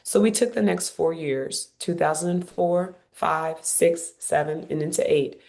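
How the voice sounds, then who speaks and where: A woman in her forties speaks in a notably low voice. She is a podcast guest who tells her story with lively emphasis. She repeats phrases to drive her points home. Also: a little slow, vocal fry. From Cincinnati, United States. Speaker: guest, former Olympic runner.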